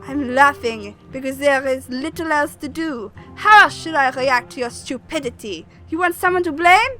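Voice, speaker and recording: A woman voicing a sharp-tongued village witch who speaks in a dry, scornful way. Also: high-pitched.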